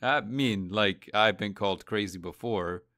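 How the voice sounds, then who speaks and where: Bright, rambling male podcast host. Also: on the low side, unhurried, no echo, clean studio sound. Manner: rambling with many fillers and restarts, laughs easily. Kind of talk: casual chat.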